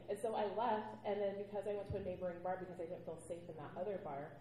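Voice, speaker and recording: A woman's voice: medium pitch, fast talker, slight background noise. Blunt storytelling woman in an echoey room. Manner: blunt, animated storytelling with acted-out quotes. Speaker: panelist. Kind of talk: convention panel talk.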